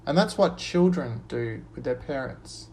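A man preaching an earnest sermon, lifting his voice on quoted verses and dropping low and soft on a repeated refrain. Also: lively intonation, a little slow.

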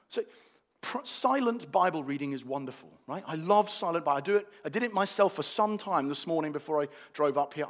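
Man, preacher, sermon, high-pitched, lively intonation, emphatic. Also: slightly rough. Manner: animated, rising to emphatic declarations.

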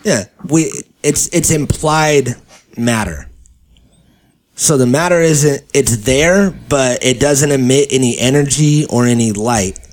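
A man's voice: mid-range voice, slow, a little mellow. A man from California hosting a casual podcast chat, rambling, joking and swearing loosely. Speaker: podcast host.

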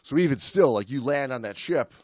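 Pria pembawa podcast bersuara kering. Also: male voice, medium pitch, fairly quick, no room sound, studio quality. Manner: relaxed, with many fillers and restarts. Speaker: podcast co-host. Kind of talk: casual chat and read history narration.

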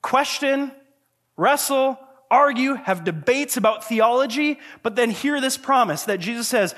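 A male pastor delivering a sermon in an earnest, conversational way, swinging from quiet, low passages to loud, emphatic questions. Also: expressive, a little slow. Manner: earnest, conversational preaching with frequent restarts.

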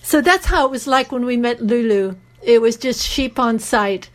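A woman's voice: a little high, moderate pace, low-quality recording. A middle-aged woman, a radio show guest, telling heartfelt stories in an earnest, open way. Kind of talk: radio interview storytelling.

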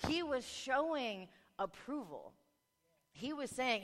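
A woman delivers a sermon, weaving in a family story and slipping into lively voices for each person in it. Her voice sits in the middle range. It rings with the long reverb of a large hall. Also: medium pitch, normal speed. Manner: animated storytelling, acting out family members. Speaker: preacher.

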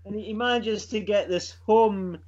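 A man with a fairly high voice, chatting casually and hesitantly among friends. He rambles through an anecdote with fillers. The sound is muffled and lo-fi. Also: moderate pace, a crowd in the background. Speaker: comic book club member. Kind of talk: casual group chat. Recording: dull lo-fi sound.

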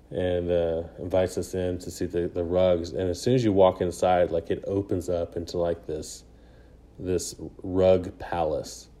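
A man's voice: low voice, warm tone. A young man casually telling a travel story on a podcast, rambling with lots of fillers and frequent laughs. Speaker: podcast co-host.

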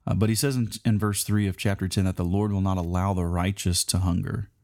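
A man with a very low, mellow voice teaches a Bible lesson like a sermon. He talks in a conversational, unhurried way, pausing on fillers and restarting his phrases. The sound is dry and close. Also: steady tone, dry recording. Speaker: preacher.

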